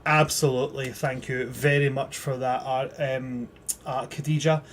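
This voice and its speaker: A man's voice: mid-range voice, fairly even intonation, moderate pace, a little hiss or hum. A man as game master, closing a tabletop livestream and plugging the socials in a chatty, upbeat way.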